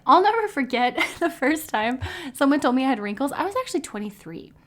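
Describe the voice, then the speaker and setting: Her voice sits high and sing-song, a bit bright and a little fast. She is a dietitian in her thirties hosting her own podcast, chatting upbeat and casually in a monologue and laughing readily.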